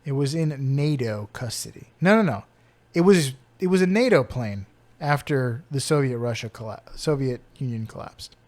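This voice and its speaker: A man co-hosting a podcast, quizzing his co-host in casual chat with quick asides. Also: mid-range voice, animated, a little mellow.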